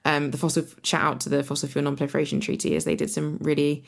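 A woman's voice: sits low, monotone, fast, creaky. A woman co-hosting a podcast, chatting casually and frankly, with plenty of "like" and "um" fillers and the odd swear word. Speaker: podcast co-host and climate activist. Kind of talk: casual chat.

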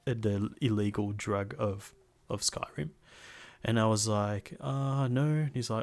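A young man in casual chat about a video game, rambling in a relaxed way with many fillers. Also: fairly low pitch, moderate pace.

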